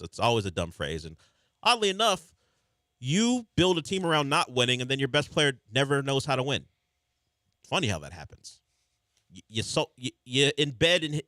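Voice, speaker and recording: A man hosting sports talk radio, wry and animated, teasing his callers. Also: lowish voice, no echo, studio quality.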